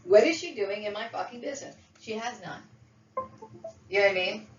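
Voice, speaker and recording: A woman's voice: mid-range voice, brisk, noisy background. A woman venting in a profane, agitated personal rant to camera, stumbling over restarts and flaring into outbursts. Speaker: vlogger. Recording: roomy, distant, dull lo-fi sound.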